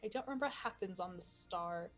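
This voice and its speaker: A woman's voice: mid-range voice, fast, faint music behind. A woman narrating as game master, chatty and cheerful, with stumbles and asides.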